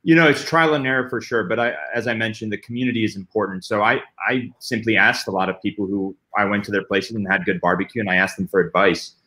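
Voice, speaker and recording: A man speaking as a pitmaster guest in a casual panel discussion. He explains things in a relaxed way with frequent fillers. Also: lowish voice, quick pace, hardly any pauses.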